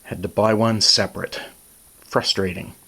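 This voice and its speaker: A man narrating a casual vlog at his small off-grid cabin, talking slowly and plainly to himself with sighs and asides. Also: on the low side, fairly even intonation, bright, forceful tone, slightly rough. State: out of breath. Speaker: cabin owner filming his visit.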